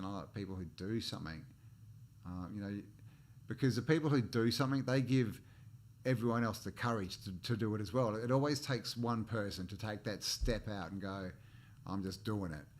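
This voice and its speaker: Speaking at a moderate pace in a lowish voice, the Australian channel host drifts between topics on his relaxed livestream. He says hello to people in the chat, often starts over mid-thought, and chuckles frequently.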